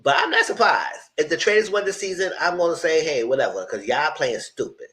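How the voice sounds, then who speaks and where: A man giving casual, animated commentary on reality TV, voice only, speaking straight to his viewers in slangy talk. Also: a little high, brisk, low-quality recording. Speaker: TV review host. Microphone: voice only, no camera.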